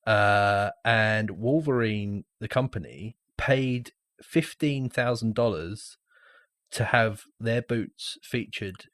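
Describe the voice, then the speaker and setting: A man's voice: fairly low pitch, slow, fairly bright tone, dry recording, clean studio sound. A British man in his thirties co-hosting a podcast, chatting casually, laughing often and sharing trivia. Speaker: podcast co-host. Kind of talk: casual movie chat.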